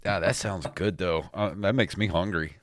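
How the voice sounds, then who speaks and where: A man's voice: low-pitched, moderate pace. A man co-hosting a podcast in casual chat, reacting and asking stumbling follow-up questions. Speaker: podcast co-host.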